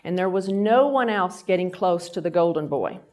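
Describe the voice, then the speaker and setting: A woman's voice: on the low side, expressive, normal speed, darkish tone. A middle-aged woman from Texas with a Texan accent, giving a faith-based leadership talk at a lunch event and telling stories while acting out the voices. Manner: storytelling, acting out quoted voices. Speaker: guest speaker.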